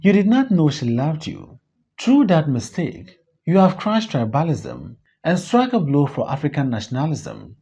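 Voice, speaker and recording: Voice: medium pitch, wildly swooping pitch, measured pace, dark tone, breathy edge, muffled recording, full character voice. An audiobook reader voicing a male friend who reassures a troubled leader, in a read stage play. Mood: reassuring.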